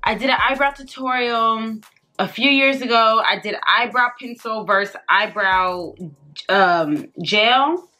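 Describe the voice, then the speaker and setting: A woman's voice: on the high side, slow pace, bright, forceful tone. A woman vlogger, tipsy, chatting loosely and swearing freely to her viewers while doing her makeup. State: tipsy from drinking. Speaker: beauty vlogger. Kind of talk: casual makeup tutorial chat.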